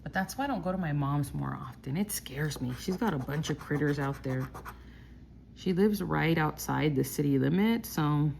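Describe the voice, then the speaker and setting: A woman from Texas hosts a casual scratch-off vlog, calling out each symbol slowly and deliberately. Her voice sits a little low with a gravelly, fry-laden texture. Faint noise hums behind her. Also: darkish tone. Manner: slow, reads out symbols one by one while scratching. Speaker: lottery scratch-off vlogger.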